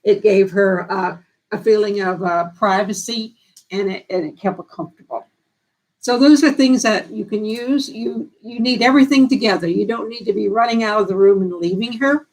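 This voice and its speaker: A down-to-earth woman talks casually on a live stream, giving practical care advice in an earnest, homespun way. She restarts and repeats bits of sentences as she works out her thoughts. Her voice sits at a middling pitch for a woman. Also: fairly even intonation, normal speed, darkish tone, poor audio. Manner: repeats and restarts phrases while thinking aloud.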